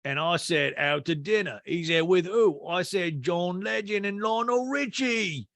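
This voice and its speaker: A man voicing a pompous, lewd older man, with a drawn-out, leering delivery. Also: high-pitched, gravelly, a bit bright, no room sound, voice pushed up, heavily acted. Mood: smug.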